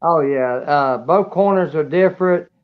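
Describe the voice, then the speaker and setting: Folksy racer calling in, slightly high voice, muffled dull line. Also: male voice, measured pace. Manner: folksy, plain-spoken. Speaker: race winner guest. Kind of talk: casual call-in interview. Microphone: video call. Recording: dull, muffled call audio.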